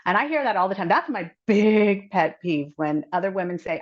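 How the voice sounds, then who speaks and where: A woman's voice: medium pitch, a little fast, few pauses. Candid middle-aged woman guest, dull audio. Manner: candid, self-talking, laughs often. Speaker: podcast guest, influencer. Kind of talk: casual interview chat.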